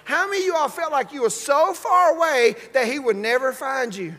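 High, bright-voiced man preaching in a church. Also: expressive, brisk. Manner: fervent preaching with call-and-response. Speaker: pastor. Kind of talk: sermon. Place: church sanctuary. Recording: long church hall reverb.

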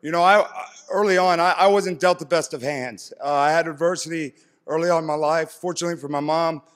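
A man's voice: fairly high pitch, fairly even intonation, brisk. A man in his thirties from East Tennessee giving an earnest, heartfelt acceptance speech on a stage. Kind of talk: speech to an audience. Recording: long hall reverb from PA.

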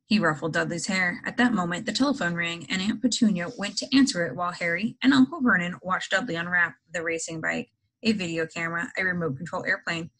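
A woman reading a novel aloud with expressive storybook narration. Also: fairly low pitch, brisk, rough recording. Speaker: reader.

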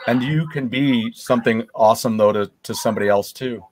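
A man's voice: medium pitch, brisk, a little mellow, a little hiss or hum. A man hosting an interview show, chatting casually and telling personal stories with empathy. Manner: empathetic, storytelling, frequent fillers. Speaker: podcast host.

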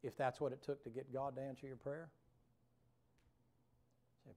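A man's voice: medium pitch, little pitch movement, normal speed, darkish tone. A man preaching a revival sermon in a folksy, colloquial storytelling manner, talking directly to the congregation. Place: church sanctuary.

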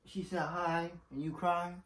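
A man's voice: a little high, flat delivery, unhurried, a bit bright. A man in a car chatting casually, with slangy, laid-back teasing. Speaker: vlogger, the boyfriend. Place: inside a car.

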